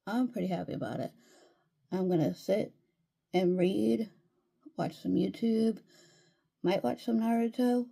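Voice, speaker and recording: A woman's voice: medium pitch, measured pace, creaky, pauses often, mellow, breathy edge. A woman giving casual reading updates in a vlog from home, easygoing and rambling with lots of fillers. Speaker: reading vlogger.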